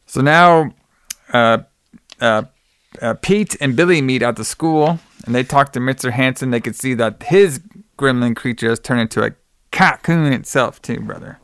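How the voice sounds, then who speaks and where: A man's voice: medium pitch, moderate pace, a bit bright, smooth, no echo. A man co-hosting a podcast, recapping a film scene by scene and acting out the characters' lines. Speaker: podcast co-host.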